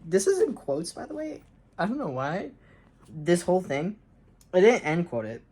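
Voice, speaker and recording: Brief: young woman, low and lively voice, mocks her own childhood story between lines. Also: normal speed, husky. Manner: sarcastic asides, frequent ums and uncertain trailing off. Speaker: reader and commentator. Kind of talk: reading her own childhood story aloud with mocking commentary.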